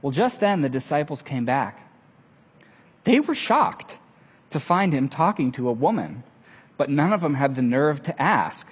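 A man preaching with a lively voice that swoops up and down as he acts out the people in his story. His tone is a bit husky, and it rings with a long reverb from a large hall. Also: mid-range voice, normal speed. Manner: animated storytelling, acting out quoted lines. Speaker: pastor. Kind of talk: sermon.

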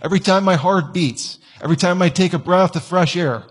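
Preacher, male, slightly high and husky, chatty sermon delivery with acted-out quotes. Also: a little fast. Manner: conversational, acts out whiny quoted voices. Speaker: pastor. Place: church.

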